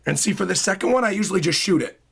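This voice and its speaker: A man streaming live in casual chat, hoarse with a worn-out voice, excitable and prone to bursts of loud hyped yelling. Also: high-pitched, rapid-fire, background noise. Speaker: streamer reacting to a comic chapter.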